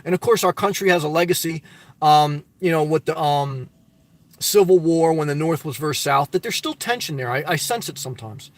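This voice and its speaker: A man's voice: on the high side, animated, fairly quick, no room sound. Upbeat middle-aged man, dry close sound. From US Northeast. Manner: upbeat, preachy, talks straight to viewers. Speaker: live-stream host. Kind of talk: casual live-stream chat reading comments.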